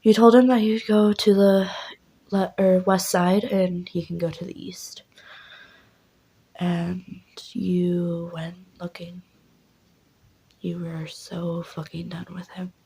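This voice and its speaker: A young woman narrating in second person, rambling with constant fillers. Her voice is low, mellow and very breathy throughout this whispered role-play. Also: level tone, slow, pauses often, low-quality recording. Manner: rambling, many fillers like 'like'. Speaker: storyteller.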